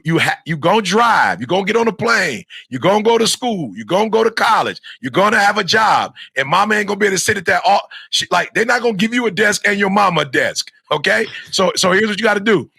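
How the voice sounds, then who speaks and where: Gravelly, bright-voiced preacher man. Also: sits high, lively intonation, quick pace, no room sound, clean studio sound. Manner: emphatic and repetitive, preacher-like. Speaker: motivational speaker. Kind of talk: motivational talk to young students.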